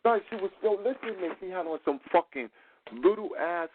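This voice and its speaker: A man hosting a casual talk show, telling a profane, animated street-slang story. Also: high voice, fairly quick, a little hiss or hum. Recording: tinny phone-like sound.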